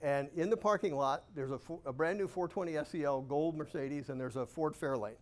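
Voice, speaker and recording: Animated man telling stories to a live audience. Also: on the high side, fairly quick. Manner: animated, self-amused anecdotes with rhetorical questions. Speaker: guest speaker at a real estate investor club. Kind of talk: storytelling keynote talk.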